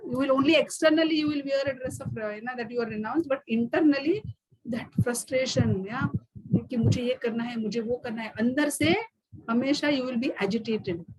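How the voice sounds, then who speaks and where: In an online course lecture on scripture, a woman with an Indian accent mixes in stories, uses frequent fillers and code-switches between English and Hindi. Her voice is a little high and husky, and the recording is rough.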